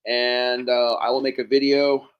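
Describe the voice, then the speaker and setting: A man hosting a live stream, hoarse from hours of talking, thanking viewers one by one by name. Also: mid-range voice, level tone, a little slow, muffled recording. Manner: thanks viewers by name, rambling and warm-hearted. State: hoarse, losing his voice. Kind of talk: casual live stream chat.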